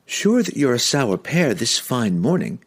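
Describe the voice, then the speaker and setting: A cheerful young woman teases in a lilting, chipper voice, as a man puts her on. Her pitch leaps playfully. The reading keeps a storybook lightness. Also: big pitch swings, a little slow, breathy edge. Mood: teasing.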